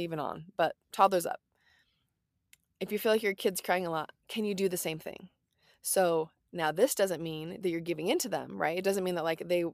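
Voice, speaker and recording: Low, gravelly woman giving parenting advice. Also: no echo, studio quality. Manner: earnest, reassuring, lots of "like" and "right?". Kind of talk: casual parenting advice talk.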